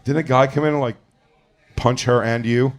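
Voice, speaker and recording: A man's voice: medium pitch, steady tone, moderate pace. A man hosting a podcast who asks questions and makes emphatic, profane points. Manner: emphatic, swearing, laughing, questioning. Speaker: podcast host. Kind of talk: casual chat.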